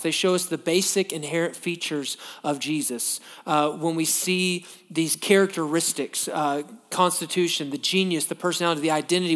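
Man preaching a sermon. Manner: reads scripture aloud, then explains it to the congregation; drops to a soft, low voice in prayer. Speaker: pastor. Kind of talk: sermon with scripture reading and prayer.

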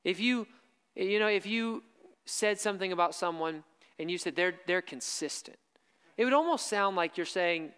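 High-voiced man preaching in a hall. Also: fairly bright tone, smooth. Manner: emphatic, repeats key lines slowly for stress. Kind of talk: sermon.

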